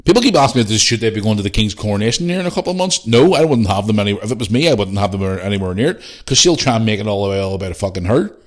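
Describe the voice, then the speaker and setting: A man's voice: on the low side, animated, racing, few pauses. A man with a Northern Irish accent hosting a solo podcast, ranting bluntly and swearing freely. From Northern Ireland. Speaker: podcast host.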